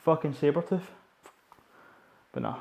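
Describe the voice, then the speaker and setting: A young man, out of breath after heavy lifting, talks to his camera between sets in a slightly high voice. He mutters tired, casually sweary remarks, and the gym around him gives his voice a roomy echo. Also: wildly swooping pitch, a little slow, gravelly, darkish tone. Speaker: powerlifter filming his training. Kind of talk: casual training vlog chat. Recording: echoey gym room.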